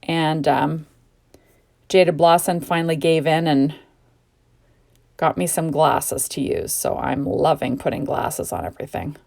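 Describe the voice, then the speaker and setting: A middle-aged Canadian woman, a card-making crafter, narrates a home crafting tutorial while sleepy and yawning. Her voice is low, creaky, unhurried, and a little mellow, with long pauses, and she gushes chattily through rambling asides.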